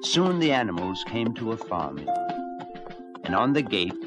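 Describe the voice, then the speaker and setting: Animated man reading a fairy tale. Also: lowish voice, unhurried, loud music behind the voice. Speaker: storyteller. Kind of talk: storybook narration.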